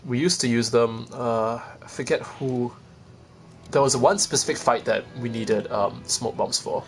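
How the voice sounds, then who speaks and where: A man's voice: mid-range voice, measured pace, soft background music. A man streaming a video game, rambling casually and chatting to viewers with self-deprecating asides. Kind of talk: casual gameplay commentary.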